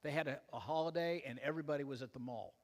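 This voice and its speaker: Older male pastor, slightly high voice, humorous self-mocking sermon delivery to a church. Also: rapid-fire, long reverb tail. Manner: joking, self-deprecating storyteller.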